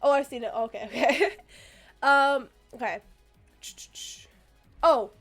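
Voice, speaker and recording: A young woman streamer chatting casually, rambling and excitable, with lots of fillers and restarts, getting a little choked up. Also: sits high, slow, faint music behind. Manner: gets choked up and emotional.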